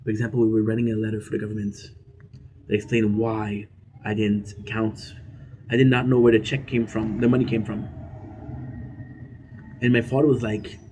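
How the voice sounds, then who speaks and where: A man's voice: on the low side, level tone, normal speed, pauses often, darkish tone, slight background noise, poor audio. A man streaming a game and telling stories in a casual, rambling way, repeating his phrases and swearing casually. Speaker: gaming streamer. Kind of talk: casual storytelling while gaming.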